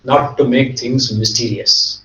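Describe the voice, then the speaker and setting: A man teaching a Vedanta class, explaining concepts and rapidly chanting Sanskrit verses. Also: medium pitch, fairly even intonation, bright, forceful tone, roomy sound, recorded from a distance, highs cut off.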